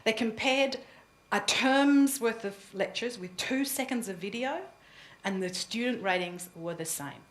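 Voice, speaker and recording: Lively woman coaching in an echoey room. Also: a little high, unhurried. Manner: lively, chatty, laughs easily. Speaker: presentation coach. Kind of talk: live workshop teaching. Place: room with an audience.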